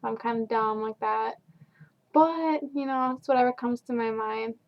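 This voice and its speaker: A young woman who works at a fast food counter, telling stories about customers in a casual, sarcastic, exasperated vlog rant full of fillers. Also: fairly high pitch. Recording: dull lo-fi home video.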